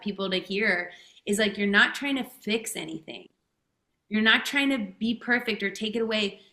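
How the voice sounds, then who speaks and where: A woman's voice: fairly high pitch, a bit bright, reverberant. A woman speaking as a guest coach in a podcast interview, talking casually and emphatically and swearing freely.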